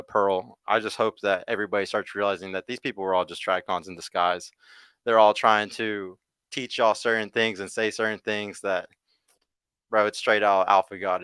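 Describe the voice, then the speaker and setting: A man's voice: fairly low pitch, little pitch movement, normal speed, pushed and bright, clear, resonant tone, no room sound, clean studio sound. A man hosting a live podcast, ranting with passion and some profanity to his audience, calling them "guys" again and again. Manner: impassioned, emphatic, keeps addressing the audience as guys. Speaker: podcast host. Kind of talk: livestream rant to chat.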